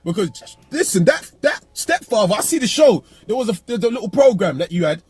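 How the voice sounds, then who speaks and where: A man's voice: high voice, very animated, a little fast, a little mellow, husky, faint music behind. A man speaking bluntly and brashly in a heated casual discussion, swearing and often raising his voice. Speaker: panelist.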